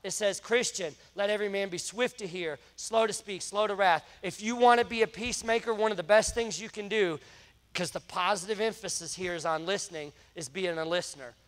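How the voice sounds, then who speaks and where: A man's voice: sits high, a little fast, fairly bright tone, big-room sound. A man preaching a sermon, telling a story in a conversational way. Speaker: pastor. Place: church sanctuary.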